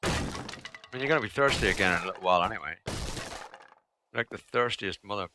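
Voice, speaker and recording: A man's voice: on the low side, lively intonation, quick pace, noisy background. A young man streaming a survival game live, chatting casually, swearing now and then, grumbling at the game and answering his chat. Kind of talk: live gameplay commentary.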